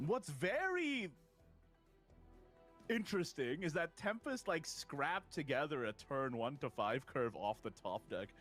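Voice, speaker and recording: A man commentating a card game tournament, analytical and bursting into laughing excitement at big plays. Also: a little high, measured pace, soft background music. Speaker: caster.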